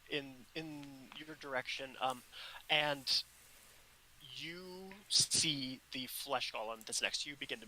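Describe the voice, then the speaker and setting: A man narrating a tabletop role-playing game as dungeon master, unhurried and full of fillers. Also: mid-range voice, sharp tone, slight background noise, poor audio.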